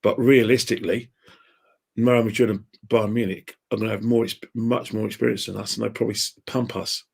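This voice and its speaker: A man's voice: on the low side, little pitch movement, fairly quick, gravelly, darkish tone, breathy edge. A man talking casually as a podcast guest, rambling and opinionated and laughing at his own jokes. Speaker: podcast guest, football fan. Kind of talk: casual chat.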